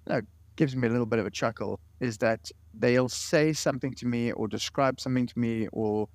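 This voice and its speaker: Speaking fairly quickly in a mid-range voice, a late-forties man appears as an interview guest, earnestly recounting stories and often repeating himself. There is no room sound.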